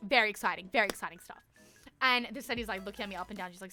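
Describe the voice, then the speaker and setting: A young adult woman streamer telling a story to her chat in an animated, swear-heavy way, often laughing. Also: mid-range voice, racing, soft background music. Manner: animated, profanity-laced, laughs through the story.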